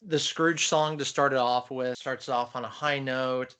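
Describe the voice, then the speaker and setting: A male podcast co-host rambles enthusiastically about films, chatty and full of fillers. His mid-range voice is steady, unhurried, smooth and a bit bright.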